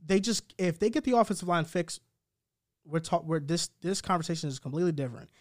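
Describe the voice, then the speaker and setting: A man's voice: a little high, quick pace, no room sound, clean studio sound. A man co-hosting a sports podcast, talking casually and laying out his arguments point by point. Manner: analytical, steady, building arguments point by point. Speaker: podcast co-host.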